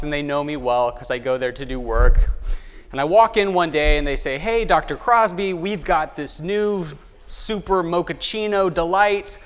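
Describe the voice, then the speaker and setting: Guy doing a keynote talk in a big hall, a bit high voice, lots of reverb, acts out little stories and asks the crowd stuff. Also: clean tone. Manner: lively storytelling, acts out quoted people, asks the audience questions. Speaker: keynote speaker. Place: large conference hall.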